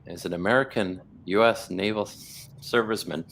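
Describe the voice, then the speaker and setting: A man's voice: fairly low pitch, normal speed, gravelly, fairly bright tone, slight background noise. A man, a blood cancer survivor, earnestly telling his story as a guest on a video call livestream, full of restarts and quoted dialogue. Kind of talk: livestream conversation, personal storytelling.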